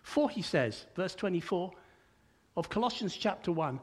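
Older male preacher, very high voice, chatty sermon full of stammered restarts. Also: expressive, normal speed, slightly rough.

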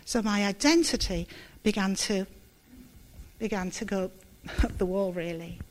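A middle-aged woman giving a candid, self-deprecating church testimony, halting and close to tears. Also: mid-range voice. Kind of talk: sermon with personal testimony.

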